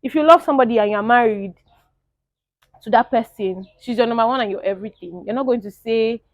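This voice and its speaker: Animated young woman reviewer. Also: on the high side, brisk, no echo. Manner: animated and opinionated, laughs often. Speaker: show reviewer. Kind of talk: casual commentary.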